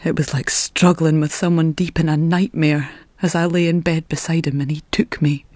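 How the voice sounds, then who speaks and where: A woman giving a reflective first-person narration in a quiet, measured, inward way. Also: low-pitched, flat delivery, no room sound.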